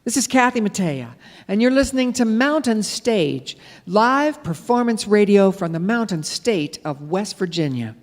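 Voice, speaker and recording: A woman hosting a live radio music show, chatting warmly about the act and reading station credits. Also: mid-range voice, lively intonation, a little slow. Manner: friendly, chatty introductions. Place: theater stage before a live audience. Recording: long theater reverb with audience.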